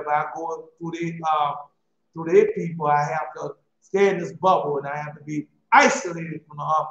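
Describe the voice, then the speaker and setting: A man's voice: on the high side, echoey room, lo-fi sound, slight background noise. A man preaching, reading scripture aloud and commenting on it in a loose, repetitive way.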